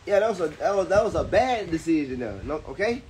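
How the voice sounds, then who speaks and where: A man's voice: on the high side, very animated, fast, darkish tone. A young man and father, chatting casually on a vlog while he films his toddler, laughing and teasing in a loose, profane way. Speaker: vlogger and father. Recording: noisy home video.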